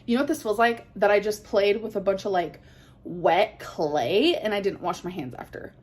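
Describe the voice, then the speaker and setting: A woman's voice: medium pitch, normal speed. A woman vlogger chatting casually to the camera, answering things said about her in a candid, defensive way. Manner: candid, defensive, emotional at times.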